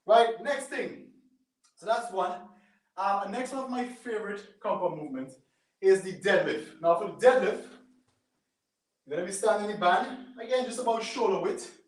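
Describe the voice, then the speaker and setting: A high-voiced man talks a home audience through a resistance band workout, punctuating each rep with a quick "boom." He stands back from the mic in a bare, echoing room. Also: animated, recorded from a distance. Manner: coaching, repeats "right?" and "boom". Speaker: fitness instructor. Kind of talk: live workout demonstration. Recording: echoey room, away from mic.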